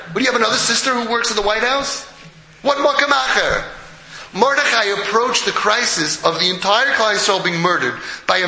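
A man giving an animated, dramatic Purim Torah talk, mixing English with Hebrew and Yiddish phrases. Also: high-pitched, reverberant, poor audio. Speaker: Torah teacher.

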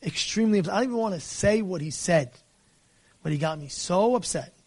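A man's voice: high-pitched, a little fast. A man, a rabbi, preaching a fiery sermon, scolding with rhetorical questions and scattering Hebrew and Yiddish religious terms through his English. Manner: animated and scolding, with rhetorical questions and acted-out dialogue.

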